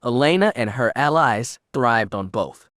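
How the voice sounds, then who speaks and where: A man's voice: mid-range voice, expressive, a little slow, a bit bright, no echo, studio quality. Man narrating a space-fantasy audiobook. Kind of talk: scripted narration.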